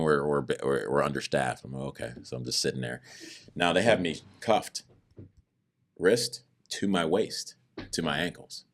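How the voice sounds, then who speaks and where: A man recounting his own story as a podcast guest, earnest about his faith and acting out the words of others as he goes. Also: very deep voice. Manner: animated, acts out other people's words in raised voices; earnest, religious testimony. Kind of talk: personal storytelling in conversation.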